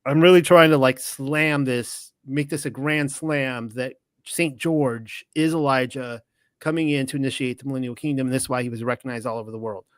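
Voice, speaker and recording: A man's voice: medium pitch, moderate pace, no echo. A man hosting a podcast, talking in a casual, rambling monologue with many restarts and self-corrections. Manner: retells stories with lively quoted dialogue. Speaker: podcast host.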